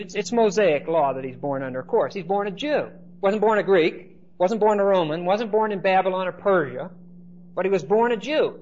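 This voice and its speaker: A man teaching a Bible class in lecture style, often checking in with his listeners by asking "okay?". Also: sits high. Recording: dull lo-fi recording with faint noise.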